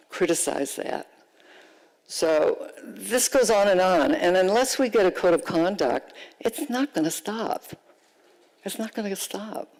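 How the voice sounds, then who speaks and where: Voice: mid-range voice, creaky, a little mellow, big-room sound, rough recording. A council member giving an indignant, emphatic closing argument at a council meeting. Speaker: council member sponsoring the item. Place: council chamber.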